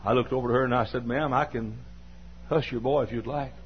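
Folksy Southern preacher telling a story. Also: male voice, mid-range voice, steady tone, brisk, slight background noise. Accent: Southern American. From American South. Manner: folksy, scolds the audience, bursts into shouts. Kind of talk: sermon storytelling. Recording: dull lo-fi sermon recording.

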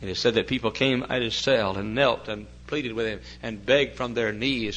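Older preacher with a bright, forceful voice. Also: male voice, medium pitch, fairly even intonation, fairly quick, hardly any pauses, poor audio. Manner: swings from quiet talk to loud impassioned preaching; folksy, chatty asides with fillers. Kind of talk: sermon.

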